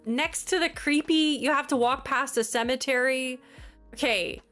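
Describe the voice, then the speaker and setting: A woman's voice: high voice, moderate pace, fairly bright tone, soft background music. A woman streamer chatting casually on a livestream, flustered, exasperated and apologetic.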